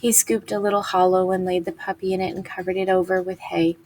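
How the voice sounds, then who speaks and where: A woman, a teacher, reading a novel aloud in a steady, unhurried way, pausing now and then for teaching comments. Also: fairly low pitch, poor audio.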